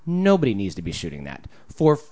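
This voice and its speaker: Animated swearing man telling stories. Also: lowish voice, a little fast. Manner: animated storyteller, swears freely, jumps into loud put-on voices. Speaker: podcast co-host. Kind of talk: casual chat.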